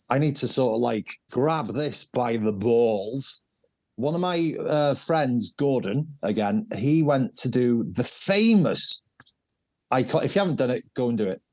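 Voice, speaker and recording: A man, a race director telling stories as a guest in a casual interview, jokey and animated. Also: mid-range voice, no room sound. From North Wales.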